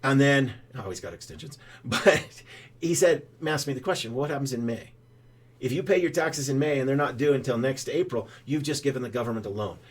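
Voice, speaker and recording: Older male advisor, casual explainer, folksy and rambling, middle pitch. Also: lively intonation, fairly quick. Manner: rambling storyteller, frequent "uh" fillers. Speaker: financial advisor pitching whole-life insurance banking. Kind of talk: casual straight-to-camera explainer.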